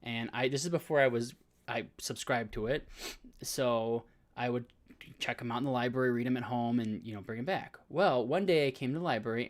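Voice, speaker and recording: A man in his thirties, a podcast co-host, telling a long story in casual chat with many filler words and restarts. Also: medium pitch. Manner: rambling storytelling with frequent "like" fillers.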